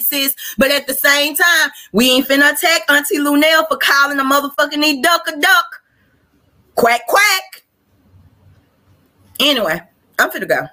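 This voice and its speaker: A woman's voice: high voice, sharp tone. A woman with a Southern US accent hosting a live podcast, ranting bluntly with lots of profanity. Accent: Southern US (Arkansas). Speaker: podcast host. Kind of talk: livestream rant.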